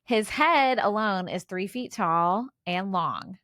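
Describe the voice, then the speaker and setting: Woman, forties, podcast co-host; chatty trivia-sharer, lots of fillers, very expressive pitch, dry close sound. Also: slow, dry recording. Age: 40s. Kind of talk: casual chat.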